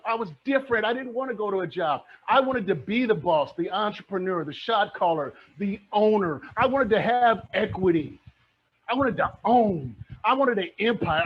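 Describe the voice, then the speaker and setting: Fired-up high-voiced man preaching wealth. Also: a little hiss or hum. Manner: fired-up, preachy, repeats phrases. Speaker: guest speaker, real estate mentor. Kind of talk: motivational talk. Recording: dull lo-fi sound.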